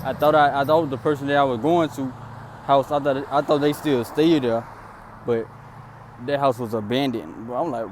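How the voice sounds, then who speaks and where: A man's voice: steady tone, moderate pace, slight background noise. A young man casually recounting a story outdoors in a rambling, repetitive way. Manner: rambling, repetitive "then boom" narration.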